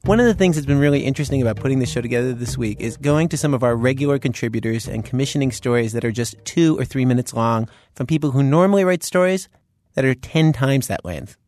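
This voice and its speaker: A man's voice: mid-range voice, fast talker, hardly any pauses, darkish tone. A man hosting a radio show, introducing stories in a conversational, chatty way.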